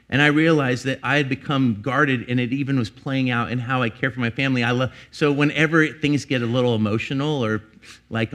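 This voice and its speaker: A man's voice: mid-range voice, fairly bright tone. Man preaching a candid sermon. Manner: candid, conversational storytelling with restarts. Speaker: pastor. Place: church.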